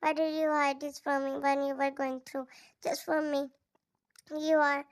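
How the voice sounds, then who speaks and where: A woman reading a caring mother advising her daughter in a fan fiction story, in her plain halting voice. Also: high voice, level tone. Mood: urging.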